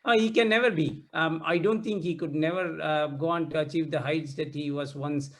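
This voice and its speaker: A man co-hosting a football podcast, talking casually with many hesitant pauses. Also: fairly high pitch, fairly even intonation. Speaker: podcast co-host.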